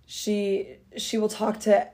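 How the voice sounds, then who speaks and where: A young woman hosts a relaxed podcast chat. She talks in an excitable, gushing way, full of little fillers, and sits at an ordinary middle pitch for a woman. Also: slow pace. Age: young adult. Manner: gushing, excitable, lots of "oh my gosh" and "like". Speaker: podcast host. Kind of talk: casual podcast interview.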